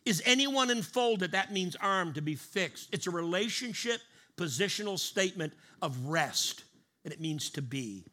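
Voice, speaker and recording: A male pastor preaching a sermon emphatically, slowing down to stress key words and having the congregation repeat lines after him. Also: on the high side, expressive, bright, forceful tone.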